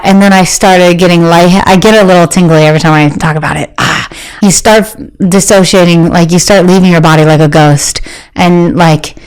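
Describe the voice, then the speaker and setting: A woman in her thirties, a guest talking candidly in an interview, animated and quick to jump into high voices when she quotes people. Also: smooth, low-quality recording.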